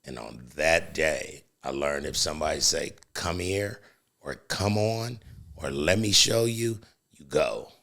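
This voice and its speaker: A man's voice: a bass voice, measured pace, creaky. A middle-aged man, a comedian guest on a podcast, telling stories in a casual, slangy way and acting out the people he quotes. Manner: animated storyteller, slangy, acts out quotes. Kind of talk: casual storytelling chat.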